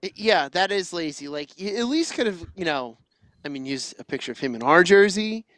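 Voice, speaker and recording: Higher-voiced man, animated hockey chat. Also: brisk, dry recording. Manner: animated, emphatic repeats. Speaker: podcast co-host. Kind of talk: casual sports chat.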